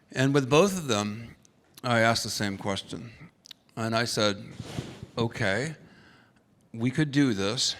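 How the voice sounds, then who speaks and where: Speaking on a panel in a conference hall, a middle-aged man rambles through conversational stories, restarting often and performing the voices he quotes. His pitch is on the low side, with vocal fry and a fairly bright tone. Long hall reverb trails his words.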